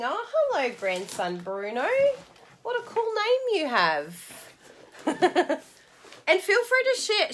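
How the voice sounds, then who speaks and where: A woman's voice: high voice, pushed and bright. A woman from Australia with an Australian accent, chatting casually and bubbly to live-stream viewers about crafting, laughing often. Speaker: stamping and craft demonstrator.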